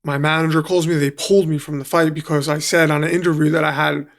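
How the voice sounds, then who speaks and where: NY man, gravelly and a bit high-pitched, casual guest storyteller who swears a lot. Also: level tone, fast talker. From New York City. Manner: swears freely, acts out quotes. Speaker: guest, professional fighter.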